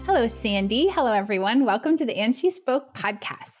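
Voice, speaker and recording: A woman's voice: on the high side, lively intonation, brisk, soft background music. Upbeat woman podcast co-host. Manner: upbeat, laughs often. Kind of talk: casual podcast chat.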